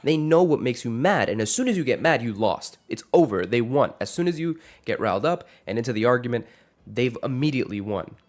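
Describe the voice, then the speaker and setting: Twenty-something dude ranting to his camera, earnest, rambly, lots of restarts, average pitch. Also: expressive, fairly quick. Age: 20s. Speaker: vlogger. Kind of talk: casual rant to camera.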